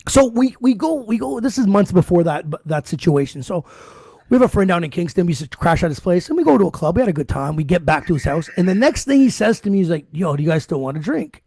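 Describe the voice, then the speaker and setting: A man's voice: high-pitched, fast talker, gravelly, no room sound. A man co-hosting a podcast, telling a bar story in casual, profane chat and acting out the quoted lines. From Canada. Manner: animated, profane, acts out quoted dialogue. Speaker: podcast co-host.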